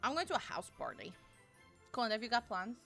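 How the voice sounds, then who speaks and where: A woman's voice: fairly high pitch, sing-song, brisk, gravelly, a bit bright. A woman streamer chatting casually with her friends and viewers, giggly, playful and teasing. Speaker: live streamer. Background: faint music playing.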